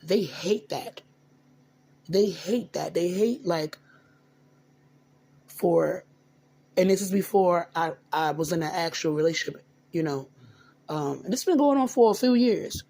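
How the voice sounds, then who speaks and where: A man's voice: high-pitched, expressive, measured pace, gravelly, long pauses, warm tone. A man vlogging in a casual personal monologue into a phone, rambling with frequent restarts and repeated words.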